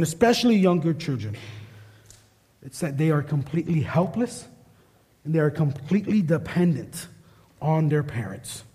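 A man's voice: fairly high pitch, mellow, long reverb tail. A male pastor and parent preaching a sermon, emphatic, often repeating his key phrases. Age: adult parent. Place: church sanctuary.

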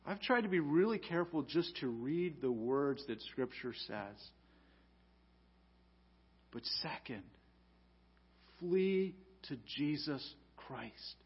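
A man preaching a sermon as pastor, rising to loud emphatic peaks and dropping to quiet, low lines. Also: animated, takes it slowly, long pauses, husky, lo-fi sound.

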